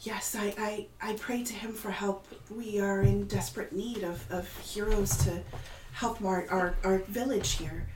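A woman voicing a calm female elephant-folk priestess in a tabletop game, soft and hushed, in an echoey room. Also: mid-range voice, a little slow, distant mic, background noise, close to an everyday voice. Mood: pleading. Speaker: game master voicing a character.

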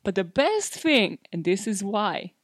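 A woman's voice: mid-range voice, very animated, unhurried, dry recording, clean studio sound. A woman hosting a podcast, telling a true-crime story in a chatty, casual way and slipping into quoted dialogue. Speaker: podcast host.

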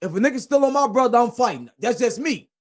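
High-voiced man ranting on a call. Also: lively intonation, fast. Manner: preachy, emphatic, at times shouting. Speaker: caller. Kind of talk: heated call-in rant.

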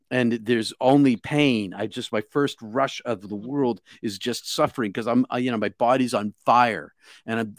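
A man recounting his near-death experience as an interview guest, halting with many restarts and repeated words. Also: mid-range voice, no echo, clean studio sound. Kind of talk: emotional first-person storytelling.

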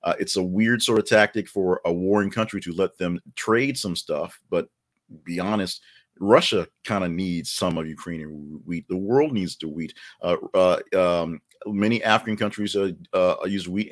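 Low-voiced rambling male news host. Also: normal speed. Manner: rambling, many fillers, joking asides. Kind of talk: casual news commentary.

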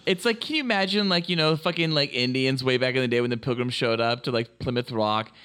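A man's voice: mid-range voice, fast talker, a bit bright, clear, resonant tone. A man co-hosting a comedy podcast, rambling and profane and packing his talk with fillers. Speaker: podcast co-host. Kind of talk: casual comedy chat.

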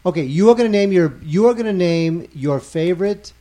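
A man's voice: high voice, lively intonation, fairly quick, mellow. A man co-hosting a film podcast, chatting casually and teasing his co-host. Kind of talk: casual chat about films.

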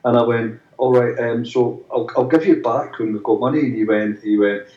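A man with a lowish voice tells stories as an interview guest, circling back and restarting often. He slips into the voices of the people he quotes. He sits away from the mic in a roomy space, and the sound is dull. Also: normal speed, warm tone, distant mic. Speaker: musician guest. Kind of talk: anecdotal interview chat.

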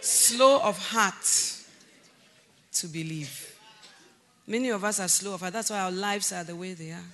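A woman preaching a sermon in a church, animated, breaking into loud emphasis and laughter as she acts out conversations. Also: mid-range voice, measured pace, long pauses, slight background noise.

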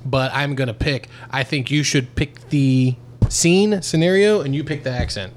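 A man hosting a podcast in casual chat, steering the conversation with an animated delivery. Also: medium pitch, normal speed. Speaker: podcast host.

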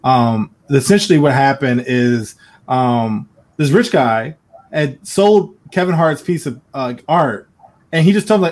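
A man co-hosting a casual podcast, joking and telling animated stories. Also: mid-range voice, moderate pace. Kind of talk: casual chat.

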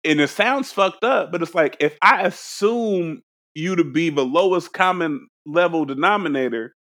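A man in his thirties rambles through a casual podcast chat, his voice sitting a little higher than most men's. He restarts his sentences often and swears freely as he works toward his point. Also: normal speed, a bit bright. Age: 30s. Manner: rambling and profane, with frequent restarts. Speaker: podcast co-host.

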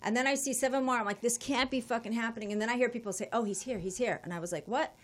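A woman guest telling a long travel story in a casual, profane, animated way. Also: fairly high pitch, very fast.

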